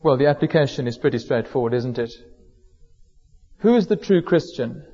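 A man preaching a sermon in a church, measured and slowing down to stress key words. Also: medium pitch, lively intonation, dark tone. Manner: measured, slows down for emphasis on quoted words. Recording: dull lo-fi sound in a hall with long reverb.

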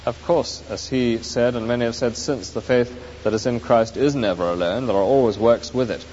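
Preacher in an echoey hall. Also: male voice, mid-range voice, moderate pace, few pauses, a little mellow. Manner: earnest, emphatic, expository. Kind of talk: sermon. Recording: dull echoey hall recording with faint hiss.

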